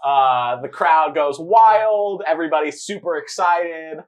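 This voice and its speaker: A woman narrating a tabletop game as game master, lively and often laughing. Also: low-pitched, unhurried, lo-fi sound.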